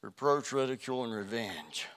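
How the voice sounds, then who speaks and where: A man's voice: medium pitch, lively intonation, moderate pace. Impassioned male preacher. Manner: impassioned preaching, swinging from loud to hushed. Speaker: pastor. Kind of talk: sermon.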